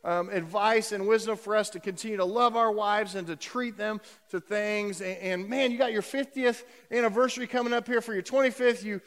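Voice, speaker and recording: A man voicing an excited male pastor who coaxes an old man for advice. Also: sits high, a little fast, hardly any pauses, long reverb tail. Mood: eager. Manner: excited, coaxing. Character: eager male church pastor asking for advice.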